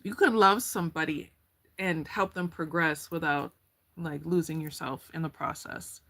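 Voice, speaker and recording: A woman's voice: low-pitched, normal speed, fairly bright tone. A woman giving a casual tarot card reading, chatty and slangy, going off on tangents. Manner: chatty, slangy, laughs easily and goes off on tangents.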